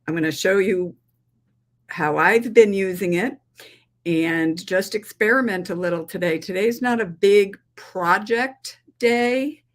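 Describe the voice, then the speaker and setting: A woman's voice: medium pitch, a little slow. A woman from New England who slips into a Southern accent, hosting a casual craft livestream and chatting with her viewers in a rambling way. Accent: put-on Southern drawl.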